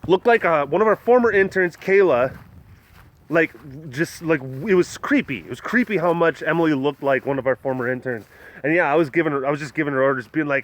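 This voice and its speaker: A young man from southwest Wisconsin hosting a casual livestream outdoors at an animal compound, joking and reading viewer comments with loud hype and low mumbles. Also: sing-song, a little fast. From southwest Wisconsin, USA. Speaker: livestream host at a big cat facility.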